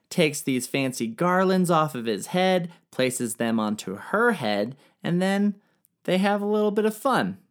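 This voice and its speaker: Lively, irreverent male history storyteller. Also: medium pitch. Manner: irreverent, slangy and profane. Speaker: narrator. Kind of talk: comedic history retelling.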